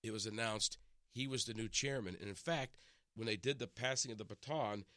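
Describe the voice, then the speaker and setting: An in-studio radio guest with a lowish voice speaks a little fast in a dry studio-microphone recording. He chats casually through his stories, animated, restarting often and acting out what people said.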